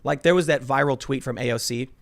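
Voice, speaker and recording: A man hosting a political talk show, animated and chatty, acting out quotes in mocking voices. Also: medium pitch, fast talker, gravelly. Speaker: podcast host.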